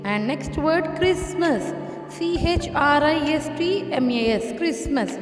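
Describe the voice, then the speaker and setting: A woman teacher with a high voice talks slowly and carefully, spelling words out letter by letter for children. She is recorded in an echoey room with a long reverb tail. Faint music plays behind her. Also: animated. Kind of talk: dictating a lesson, spelling words.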